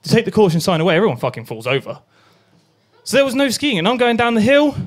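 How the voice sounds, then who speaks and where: A man's voice: high-pitched, big pitch swings, fast, slight background noise. A young man performing a crude stand-up set at an open mic night, acting out voices and sounds. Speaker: stand-up comedian.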